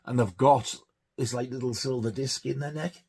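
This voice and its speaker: A man's voice: mid-range voice, fairly even intonation, moderate pace, darkish tone, husky. A man giving a casual, rambling film review, hesitant with many fillers. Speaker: film collector reviewing horror films.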